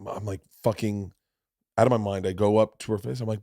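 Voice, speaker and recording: A middle-aged man hosting a podcast, telling a long story in a casual, profane way and swinging from loud to hushed. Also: lowish voice, little pitch movement, fast talker, no room sound, studio quality. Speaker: podcast host.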